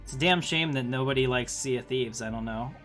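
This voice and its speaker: A man on a game livestream, chatty and thinking out loud as he plays. His voice sits at an ordinary pitch. Faint music plays under his talk. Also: brisk. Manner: chatty, thinks aloud, reads game text, talks to viewers. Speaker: streamer playing a strategy game. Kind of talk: casual livestream commentary.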